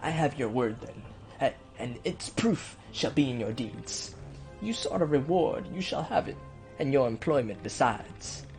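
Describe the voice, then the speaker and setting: A man's voice: medium pitch, lively intonation, darkish tone. Guy doing a weaselly nasal duke voice, all pompous and formal, faint game music under it. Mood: courtly. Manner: formal, drawn-out courtly speech. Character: pompous scheming middle-aged duke, weaselly. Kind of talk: let's play voice acting.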